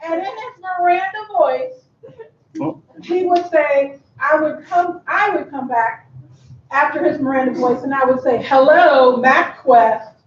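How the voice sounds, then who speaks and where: A woman's voice: high-pitched, measured pace, slight background noise. A woman from Kentucky giving an affectionate memorial tribute speech, often laughing between lines. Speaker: eulogy speaker. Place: memorial service venue. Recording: echoey, distant, muffled room sound.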